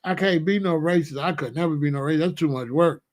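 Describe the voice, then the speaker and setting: Man with a higher voice, ranting comedically. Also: fast. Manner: rhetorical questions, chuckling asides. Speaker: host. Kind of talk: casual comedic monologue.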